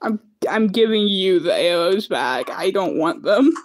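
A woman's voice: mid-range voice, lively intonation, measured pace. A woman streaming a video game, chatting casually with friends, easily startled, laughing and swearing as she plays. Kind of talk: casual gaming commentary.

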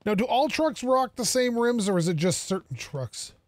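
A man's voice: very high voice, animated, normal speed, dry recording. A man streaming a game, casually thinking aloud and joking with the characters on screen. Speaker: gaming streamer. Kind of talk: casual gameplay commentary.

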